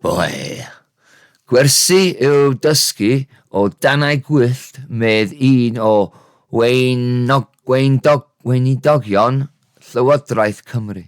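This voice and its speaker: Welsh-accented male teacher, slow and low, dry close mic, self-correcting. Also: dry recording. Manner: unhurried, thinking aloud, correcting himself. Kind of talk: casual spoken language lesson.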